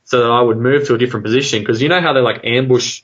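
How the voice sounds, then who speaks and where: A man with an Australian accent telling a long story about his own experience in a casual, rambling way, full of fillers, quickening into excited asides. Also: mid-range voice, lo-fi sound. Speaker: guest telling an encounter story.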